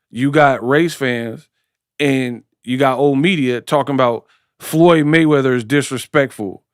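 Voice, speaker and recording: A man's voice: mid-range voice, clear, resonant tone, no echo, clean studio sound. A man giving casual watch-party boxing commentary in a slangy, joking way. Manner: slangy, joking, breaks into impressions.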